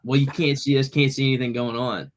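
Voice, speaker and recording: Guy telling a golf story on a podcast, middle pitch, easygoing. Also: steady tone, fast talker. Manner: laid-back storyteller, acts out quotes. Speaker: podcast co-host. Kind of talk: casual storytelling chat.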